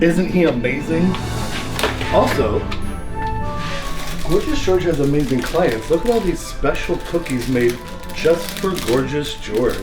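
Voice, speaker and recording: A tattoo artist man in his thirties from California, giving a playful home tour and talking about himself in the third person in a campy, theatrical way. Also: on the high side.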